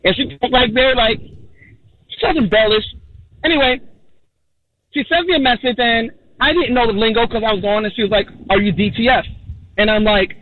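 A man's voice: extremely high pitch, a little fast, long pauses. A man from New York calling into a radio show as a guest, telling a comic personal story in a rambling way, full of "you know" fillers. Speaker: guest comedian. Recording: tinny phone line.

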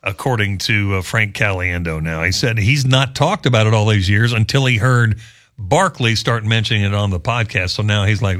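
A male sports radio host chatting in a lively, amused way. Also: on the low side, moderate pace. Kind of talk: casual talk show commentary.

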